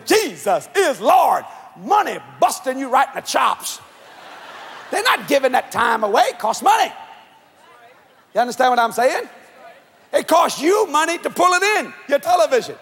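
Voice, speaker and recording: A man preaching a sermon to a convention crowd, shouting and swinging his pitch up and down. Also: sing-song, moderate pace. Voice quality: husky. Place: large church or convention hall. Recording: long hall reverb.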